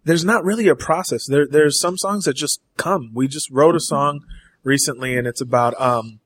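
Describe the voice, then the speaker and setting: A man's voice: a little high, normal speed, fairly bright tone, no echo. A man guest in a podcast studio, chatting casually and rambling with frequent restarts and casual swearing. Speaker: band member guest.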